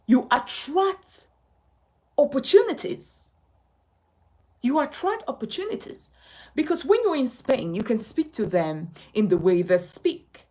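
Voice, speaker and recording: A woman's voice: a little high, a little mellow, husky, rough recording. A woman from Nigeria teaching a speaking lesson as a communication coach, emphatic and instructive, repeating her key points.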